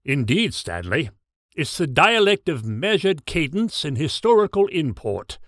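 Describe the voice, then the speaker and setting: A man voicing Father Time, an ancient, world-weary timekeeper with a formal British accent and a measured, distinguished delivery. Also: on the high side, big pitch swings, fairly bright tone, no room sound, clean studio sound, heavily acted. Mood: dignified. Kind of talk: comedy sketch dialogue.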